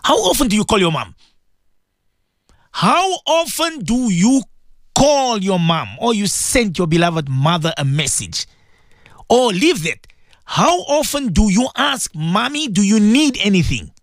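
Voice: medium pitch, sing-song, a little slow, pauses often, no room sound, clean studio sound. A radio host giving a preaching talk, emphatic and repetitive, asking rhetorical questions and dropping Arabic religious phrases into English.

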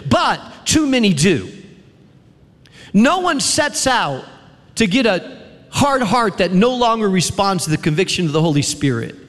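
A man preaching with a high, animated voice that rises and drops sharply. He drives his points home through repeated refrains and long dramatic pauses. His voice rings with the long reverb of a large chapel hall. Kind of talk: sermon to a chapel audience.

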